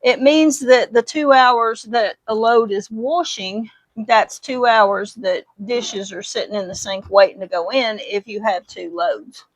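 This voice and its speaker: Woman, middle-aged, Midwestern accent with Kentucky country twang, rambling folksy storyteller, fairly high voice, dry kitchen sound. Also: a little slow, no echo, low-quality recording. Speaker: homesteading vlogger. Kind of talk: casual chat while doing dishes. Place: home kitchen.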